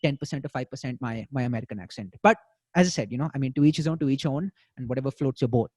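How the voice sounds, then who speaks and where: A man's voice: mid-range voice, racing, a little mellow, breathy edge, dry recording. A man in his late twenties with an Indian accent, hosting a casual podcast chat in a blunt way, swearing freely and often restarting. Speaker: podcast host.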